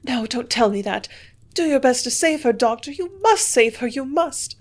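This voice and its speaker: Distraught noblewoman, high and shrill with panic, pleading; played by a woman reader. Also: moderate pace. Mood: desperate. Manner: gasping, shrieking, desperate. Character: distraught baronet's wife, fearful and pleading.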